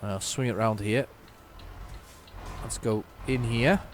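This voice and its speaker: A man's voice: medium pitch, fairly even intonation, slow, slight background noise. A man hosting a gaming channel, giving casual, playful commentary as he narrates his driving aloud.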